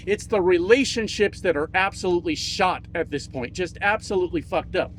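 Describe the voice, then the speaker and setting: A man's voice: sits high, fairly quick, hardly any pauses, slight background noise. A man giving a profane, heated political rant as a trucking video creator, repeating himself for emphasis. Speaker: trucking YouTuber.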